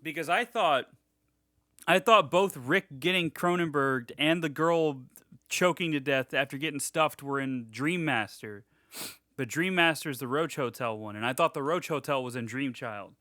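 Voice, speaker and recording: A man's voice: a little high, moderate pace, pushed and bright, dry recording, clean studio sound. Rambling, swearing young podcast guy. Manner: rambling, swears a lot, many restarts. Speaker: podcast co-host. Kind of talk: casual chat.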